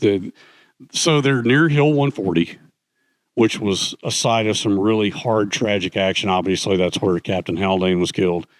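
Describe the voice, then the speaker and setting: Low-voiced man telling stories. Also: no echo. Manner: animated, acts out quoted voices. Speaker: guest speaker, author. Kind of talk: conversational storytelling.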